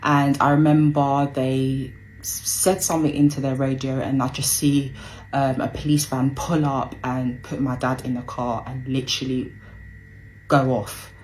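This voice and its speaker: A woman's voice: rumbling low, flat delivery, measured pace, darkish tone, a little hiss or hum, rough recording. A young woman telling a personal story, hesitant with lots of ums and acting out what people said.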